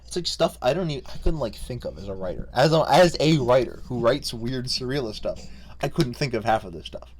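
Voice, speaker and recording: A man's voice: medium pitch, expressive, fairly quick. A young man casually ranking games he played, profane, rambling and jokey, unscripted. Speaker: video creator. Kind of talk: unscripted casual game rundown.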